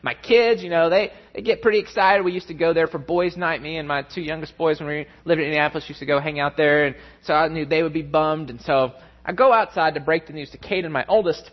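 A man preaching a sermon, telling a family story with lively, animated delivery. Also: a little high, fast talker, dull audio. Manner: storytelling, animated, mimics voices in anecdotes. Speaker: pastor.

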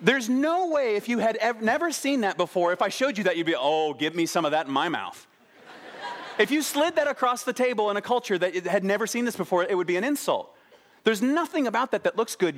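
A man in his thirties preaching a sermon, telling stories with playful inflection and dropping to a quiet, stressed delivery on key words. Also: a little high. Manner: animated storytelling with playful inflection. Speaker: pastor.

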